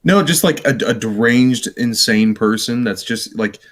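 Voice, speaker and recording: A woman chatting as a guest on a live stream, lively and joking. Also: rumbling low, measured pace. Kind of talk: casual live-stream chat.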